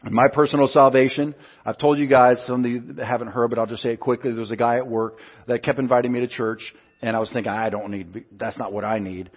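A man's voice: medium pitch, steady tone, quick pace, breathy edge. A male pastor preaching a sermon, telling stories with acted-out quotes. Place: church hall. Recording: muffled sound in a reverberant hall.

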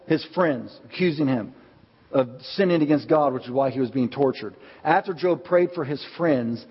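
A man preaching a sermon as pastor in a church, earnest, and slowing down to stress his key points. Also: medium pitch, husky. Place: church sanctuary. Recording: long hall reverb, dull lo-fi sound.

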